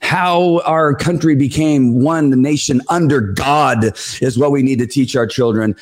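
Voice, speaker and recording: A man's voice: medium pitch, measured pace. A man giving a rambling, heated speech, ranting bluntly with many fillers and restarts while he gets sweaty and worked up. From California. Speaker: political speaker. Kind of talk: rally speech.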